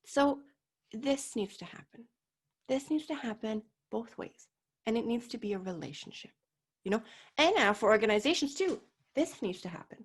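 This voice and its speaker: A woman with a fairly high voice talks as a guest coach in a relaxed interview. She leans hard on her points, mimics the people she quotes, and drops suddenly from loud to quiet. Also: moderate pace, slightly rough. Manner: emphatic, acts out quoted voices, swings from loud to soft. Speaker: mental performance coach, guest. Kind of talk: casual interview chat.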